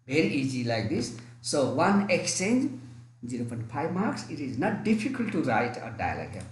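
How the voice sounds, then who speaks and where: A man's voice: high-pitched, big pitch swings, brisk. Nepali-accented man teaching English, echoey. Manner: repetitive, emphatic, often restarts phrases. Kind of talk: online English lesson. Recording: echoey room.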